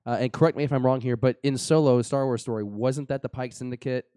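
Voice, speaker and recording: A young man hosting a casual live podcast. He talks in a loose, joking way, full of fillers and restarts. His voice is smooth and clear, recorded close and dry. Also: medium pitch, steady tone, quick pace, mellow, no room sound. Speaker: podcast host. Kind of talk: casual live-show chat.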